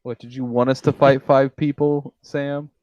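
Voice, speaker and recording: A man's voice: mid-range voice, flat delivery, normal speed, a little mellow, no room sound, lo-fi sound. A man playing a tabletop game, eager and bossy when he makes plans. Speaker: player.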